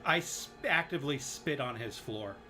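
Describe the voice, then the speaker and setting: A man playing a tabletop game who speaks quietly and in character. His voice sits at a medium pitch. He keeps his lines short and low-key. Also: expressive, normal speed, faint music behind. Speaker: player.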